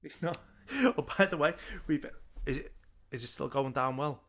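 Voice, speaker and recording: A man's voice: medium pitch, normal speed, fairly bright tone, a little hiss or hum. Chatty man on a call. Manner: chatty storyteller, laughs often. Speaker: podcast host. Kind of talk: casual chat. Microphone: video call.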